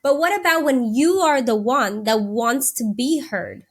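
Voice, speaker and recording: A woman's voice: fairly high pitch, lively intonation, a little slow, slightly rough. A woman hosting a podcast, talking conversationally and setting up questions for her guest, checking in with "right?". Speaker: podcast host. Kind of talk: casual interview talk.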